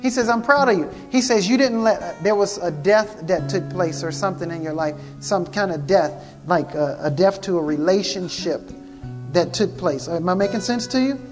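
A man's voice: high-pitched, moderate pace. A man preaching a prophetic sermon, fervent and repetitive, calling out to the congregation. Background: guitar music.

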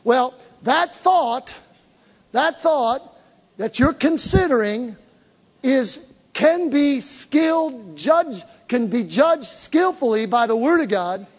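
A man's voice: very high voice, expressive, takes it slowly. A man preaching a sermon to a congregation, emphatic, repeating key words and drawing the crowd into call and response. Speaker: pastor. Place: church hall with live congregation. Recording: long reverb of a large hall.

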